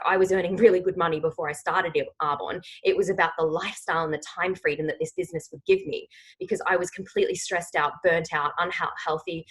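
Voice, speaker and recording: A woman's voice: fairly low pitch, fairly bright tone, husky, rough recording. A woman in her thirties leading a team training call, emphatic and rallying, often checking in with "okay?".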